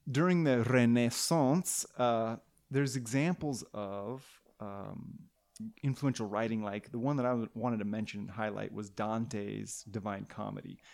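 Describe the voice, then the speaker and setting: A man's voice: fairly low pitch, fairly even intonation, a little slow, gravelly, a little mellow. A man hosting a podcast, telling a history story in casual chat, playful and rambling with restarts and tangents.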